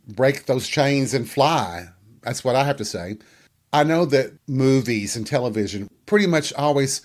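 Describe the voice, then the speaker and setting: Bawdy man with a chatty monologue. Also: medium pitch. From US Bible Belt. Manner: bawdy, self-mocking, chatty. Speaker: podcast host. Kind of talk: casual solo monologue.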